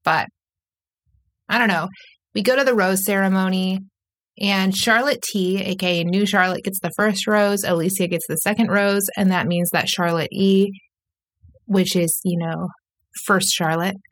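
A woman co-hosting a casual podcast, recapping at an average pitch. She talks in a chatty way, fills her sentences with "like," and briefly acts out the people she quotes. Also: steady tone, unhurried, fairly bright tone. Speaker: podcast co-host.

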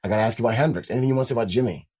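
A man's voice: mid-range voice, very fast, a little mellow, husky. A man hosting a casual interview, reacting eagerly and asking follow-up questions. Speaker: podcast host.

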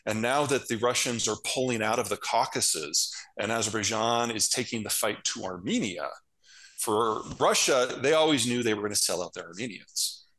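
A man's voice: on the low side, moderate pace, a bit bright, poor audio. A man, a geopolitical strategist being interviewed, explaining world affairs in a blunt, emphatic, matter-of-fact way. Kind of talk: casual analytical interview talk.

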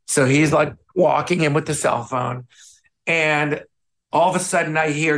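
A man's voice: on the high side, normal speed. A man from the Midwest, a photographer and author, telling stories casually as an interview guest and acting out the people he quotes. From Midwest United States. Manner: animated anecdote teller, acts out quoted voices.

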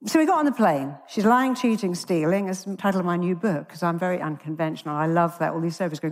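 A woman, a therapist giving a motivational stage talk, telling stories and acting out the lines of the people in them with big leaps in her voice. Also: fast talker. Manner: animated storyteller who acts out quoted dialogue with big pitch leaps. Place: large conference stage. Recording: long reverb of a large hall.

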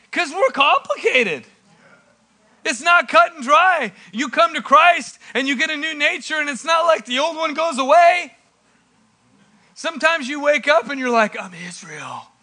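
A male pastor preaching a sermon in an animated way, with dramatic pauses and sudden loud bursts. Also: very high-pitched.

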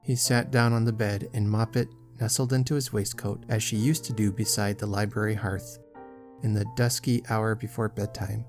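A man giving a steady, measured scripted narration of a classic novel as an audiobook reader. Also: fairly low pitch, soft background music.

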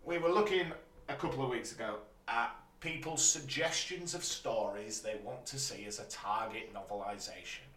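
A man's voice: mid-range voice, normal speed, a bit bright. A man with a Yorkshire accent co-hosting a podcast, reading out listener letters in a playful, teasing way. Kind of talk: casual chat. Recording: roomy, distant mic.

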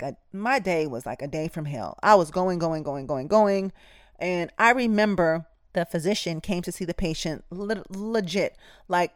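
A woman's voice: fairly low pitch, no room sound, studio quality. A woman nurse telling a workplace story and giving advice, speaking candidly and emphatically in a conversational way with slang.

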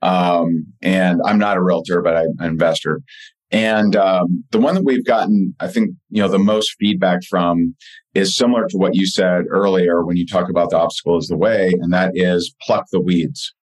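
A man with a fairly low voice, a podcast guest and author, tells stories earnestly in a relaxed interview. He stops and restarts his sentences, filling pauses with "um" and "you know," on a low-quality recording.

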